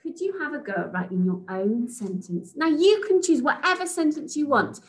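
A woman teacher from England giving a recorded phonics lesson to young children, sounding out letters slowly and praising them. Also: high-pitched, expressive, rough recording. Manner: slow, sing-song, sounds out letters and praises. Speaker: reception class teacher.

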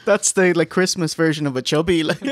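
A man's voice: high-pitched, a bit bright, no room sound. Dry man recapping wrestling. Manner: reads play-by-play recaps with dry jokes. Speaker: co-host recapping the show. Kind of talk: casual review chat.

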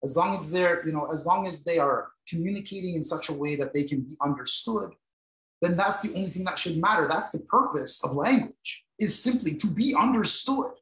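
A man's voice: a little high, brisk. Male moderator, Toronto accent with Jamaican flavor, emphatic; roomy echo on a call. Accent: Toronto, Jamaican-influenced. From Canada. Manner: animated, emphatic, many restarts. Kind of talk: panel discussion.

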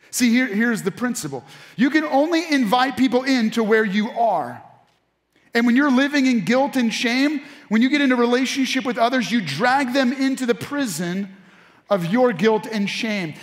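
A man pastor preaching an animated sermon to his congregation, calling out to the room. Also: very high-pitched. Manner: animated preaching with audience call-outs. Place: church sanctuary. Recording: church hall with long reverb.

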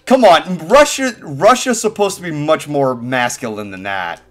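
A man's voice: on the high side, lively intonation, normal speed, fairly bright tone. A man streaming a game and chatting casually with friends, swearing at the game as he plays. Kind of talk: casual chat while gaming.

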